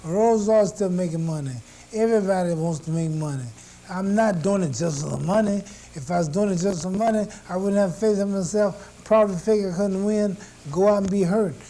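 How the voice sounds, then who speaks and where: A man's voice: high voice, brisk, mellow, a little hiss or hum. A man, a boxing champion, addressing the press with boastful, rhythmic rhetorical questions and answers. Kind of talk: press conference speech.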